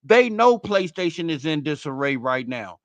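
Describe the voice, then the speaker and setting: A man hosting a live stream, out of breath, talking in a loud, rambling, profanity-heavy way. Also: on the high side, big pitch swings, moderate pace, dry recording. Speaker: host. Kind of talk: casual stream commentary.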